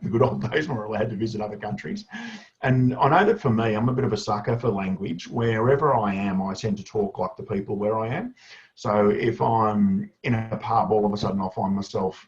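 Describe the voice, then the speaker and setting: Chatty man, low voice, lo-fi audio. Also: brisk. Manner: chatty and energetic, with fillers and asides. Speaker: education consultant presenting a webinar. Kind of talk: casual spoken tutorial. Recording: dull lo-fi webinar audio.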